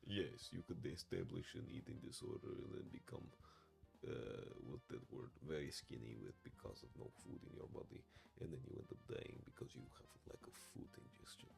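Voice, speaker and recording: A young man co-hosting a casual Bible discussion podcast, goofy and rambling, with a deadpan joking manner and a mock Russian accent. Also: rumbling low, a little fast, vocal fry, faint music behind. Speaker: podcast co-host.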